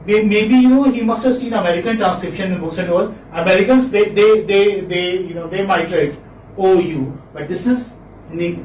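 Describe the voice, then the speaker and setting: Male phonetics lecturer, high voice, distant mic, faint hiss, patient and repetitive. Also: darkish tone. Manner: repeats words slowly, asks "hmm?" to check students. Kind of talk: classroom lecture. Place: classroom. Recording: echoey room, mic from afar, faint noise.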